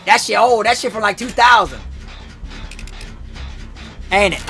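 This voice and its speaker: A man's voice: sits high, expressive, unhurried, bright, forceful tone, soft background music. A man streaming a horror game, rambling through movie plots in loose, slangy storytelling full of restarts. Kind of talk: casual gaming stream chat.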